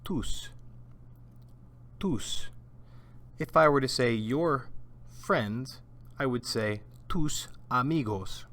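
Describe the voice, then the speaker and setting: A man's voice: mid-range voice, takes it slowly, a bit bright. A man teaching Spanish vocabulary in a scripted lesson, patiently repeating each word for learners to echo. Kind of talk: slow scripted language lesson.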